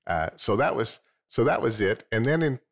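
A man, an inventor guest, telling his story in a TV interview with halting restarts and chuckles. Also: medium pitch, big pitch swings, creaky.

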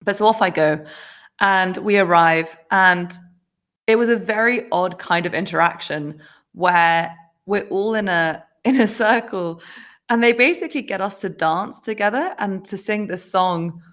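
A woman hosting a podcast, telling a personal story in casual conversation, animated and often laughing as she acts out what people said. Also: medium pitch, measured pace. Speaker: podcast host.

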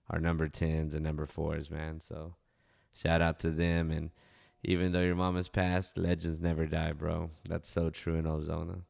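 A man's voice: extremely low pitch, creaky, a little mellow. A young man telling laid-back, profane stories from his hometown. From West Texas. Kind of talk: casual storytelling monologue.

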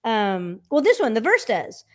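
A woman vocal coach, a guest in a casual interview, explaining with animated talk and quick sung examples. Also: a little high. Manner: animated, demonstrates by singing snippets.

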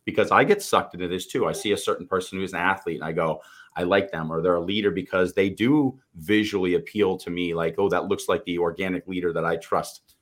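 His voice is low-pitched and a bit bright, and he speaks a little fast. He's a Boston-accented co-host of a motivational podcast, telling earnest stories in casual speech with the occasional profanity.

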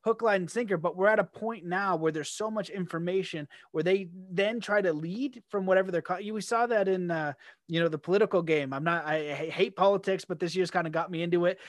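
A man hosting a casual interview, rambling and animated, often acting out quoted reactions. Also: high-pitched, quick pace, no room sound, studio quality. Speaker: podcast host.

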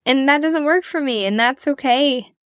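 A podcast host with a fairly high voice speaks to her listeners in a relaxed, chatty monologue at a moderate pace. She's encouraging and self-deprecating, poking fun at herself while motivating them. The audio is dry and close, with no room sound.

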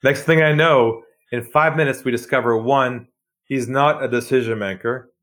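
A sales trainer guest on a podcast tells sales stories, acting out phone calls with lively shifts at a normal speed. He drops his voice low and quiet for effect, then jumps high when playing excited callers.

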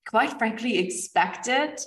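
A woman hosts a motivational business podcast as a business coach, speaking slowly in a slightly high, fairly bright, animated voice. Recorded over a video call far from the mic, with roomy echo and faint music, she emphatically repeats the same rousing questions again and again.

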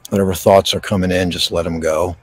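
Man, very low voice, soothing meditation guide, slow calm delivery, outdoors. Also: no echo. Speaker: podcast host and meditation guide. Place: outdoors in a park. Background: birds.

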